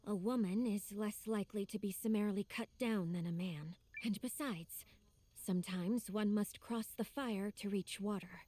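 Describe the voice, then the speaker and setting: A woman's voice: mid-range voice, normal speed, dark tone, slight background noise, lightly acted. A woman voicing a haughty, formal noblewoman. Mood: cold. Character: cold, proud noblewoman turning traitor. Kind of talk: game voice acting.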